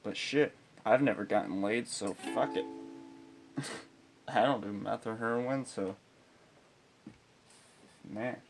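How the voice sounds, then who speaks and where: A teenage boy telling a profane comic story about school, ranting with constant swearing and exasperation. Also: medium pitch. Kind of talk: profane comedic storytelling with guitar.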